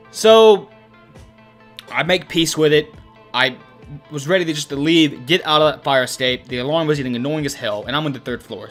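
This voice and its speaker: Young male host, profane and animated storyteller, slightly high voice. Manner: animated, profane, acts out his own quoted lines. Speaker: channel host. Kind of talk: casual storytelling.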